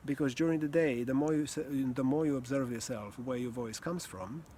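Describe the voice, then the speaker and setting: Calm, earnest male voice coach. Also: mid-range voice, a little hiss or hum. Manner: calm, earnest, slow with pauses, occasional sighs and soft laughs. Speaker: communication and voice coach. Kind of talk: reflective teaching talk.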